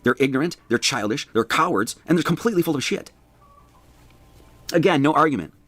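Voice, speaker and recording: A man, a pastor, arguing indignantly and complaining in rapid bursts. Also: a little high, expressive, a bit bright, no room sound. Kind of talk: indignant argument in a played clip.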